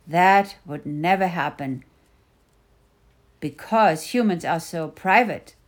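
A middle-aged woman reading her own first-person memoir with dry, wry storytelling. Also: fairly low pitch. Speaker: mother narrating a personal story.

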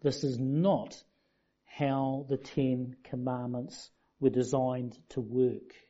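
A man's voice: mid-range voice, flat delivery, slow pace, mellow. A man preaching a sermon in a conversational, self-deprecating way. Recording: dull lo-fi sound.

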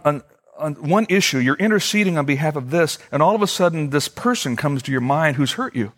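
A middle-aged male pastor preaching a sermon, earnest, slowly repeating key phrases for emphasis. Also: fairly high pitch.

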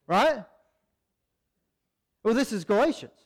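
A man preaching a sermon as pastor, urgent and animated, acting out little quotes. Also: extremely high pitch, slow.

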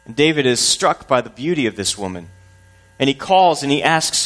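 A male pastor preaching a sermon, opening with a folksy story told in an animated way. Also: medium pitch, normal speed.

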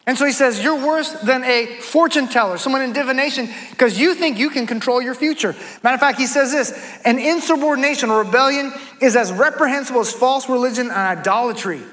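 Man, pastor, very high voice, preaching to a congregation, repetitive cadence. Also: brisk, few pauses, a bit bright. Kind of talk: sermon. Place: church before a congregation.

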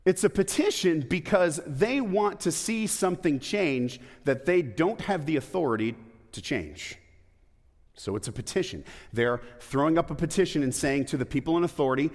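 A man with a fairly high voice preaches in a church, and his words ring out with a long hall echo. He keeps it conversational, tossing rhetorical questions to the congregation and slipping in playful asides. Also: expressive, normal speed. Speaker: pastor. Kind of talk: sermon.

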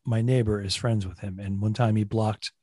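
A man co-hosting a podcast, teasing his partner in animated, joking banter. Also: on the low side, normal speed, slightly rough, no echo, studio quality. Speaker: podcast co-host. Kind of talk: casual chat.

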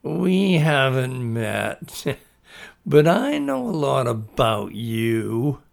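A hidden monster that taunts a little girl in a slow, drawn-out voice with a menacing lilt, as a storyteller puts it on. The voice is gravelly and creaky, and every word is stretched out for effect. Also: mid-range voice, very animated, full character voice. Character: menacing deep-voiced monster hiding in a cloakroom.

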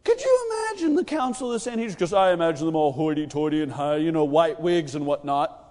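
A man preaching a sermon, telling the story with animated energy and acting out the lines of the characters. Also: a little high, fast. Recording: long reverb of a large hall.

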